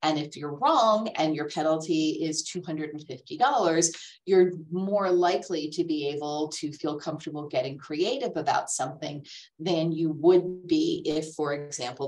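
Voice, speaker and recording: A woman's voice: sits low, normal speed, distant mic, rough recording. A woman giving a webinar talk on art law, her voice worn and fading after illness, explaining with frequent ums. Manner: explanatory, steady lecturing with many ums. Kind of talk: webinar presentation.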